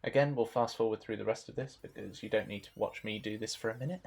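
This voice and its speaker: A young man narrating a stretching warm-up demonstration in a relaxed instructional voice-over, adding dry jokes. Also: fairly low pitch, fast talker, gravelly, noisy background. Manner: dry, joking asides.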